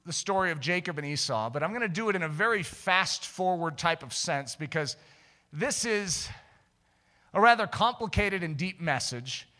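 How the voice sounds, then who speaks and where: A man preaching a sermon, telling a personal story, moving between hushed asides and shouted climaxes. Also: high-pitched, animated, moderate pace. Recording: long hall reverb.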